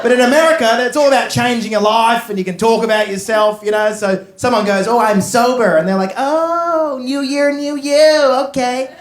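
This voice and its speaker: A man, doing a stand-up set, talking loud and quick. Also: sits high, echoey room. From Australia. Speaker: stand-up comedian.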